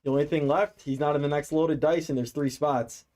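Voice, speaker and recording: A man co-hosting a live card break, giving relaxed, matter-of-fact updates on open spots. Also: fairly high pitch, a little fast. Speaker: co-host. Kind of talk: casual live stream chat.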